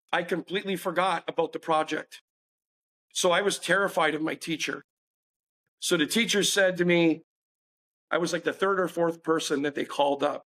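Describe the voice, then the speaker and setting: A man's voice: a little high, a bit bright. A man telling a personal story as a podcast guest, earnest and confessional, acting out the dialogue he quotes.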